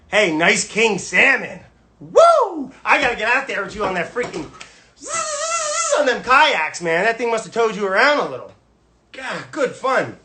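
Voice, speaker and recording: A man's voice: a little high, pushed and bright. A man hosting a casual livestream from home, rambling with restless energy and jumping between topics. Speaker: cooking video host. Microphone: phone livestream.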